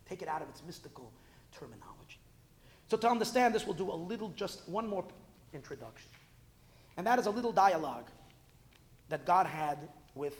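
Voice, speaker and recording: Impassioned man teaching Torah, high voice. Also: big-room sound. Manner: impassioned, rising to emphatic peaks, frequent restarts. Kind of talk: Torah lecture.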